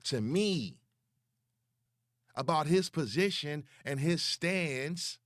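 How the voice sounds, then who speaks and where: A young man, ranting slowly and profanely as he calls someone out online, repeating words for emphasis. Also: on the high side, animated, a bit bright, no echo, clean studio sound. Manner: slow, taunting and profane. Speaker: online commentator. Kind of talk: confrontational call-out rant.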